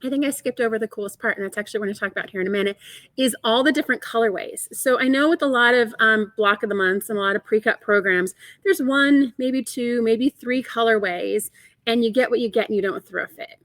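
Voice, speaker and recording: A woman's voice: on the high side, fast, a bit bright, no echo, poor audio. Chatty, upbeat woman hosting a livestream. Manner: chatty, enthusiastic, reads and answers viewer chat. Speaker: host of a quilting shop livestream. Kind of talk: upbeat live product show.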